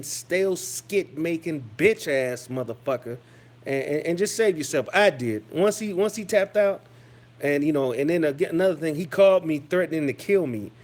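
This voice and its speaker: A man's voice: a little high, a little mellow. A man ranting casually to his viewers, profane and insulting, with many fillers and restarts. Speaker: YouTube commentator. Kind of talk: casual rant to camera.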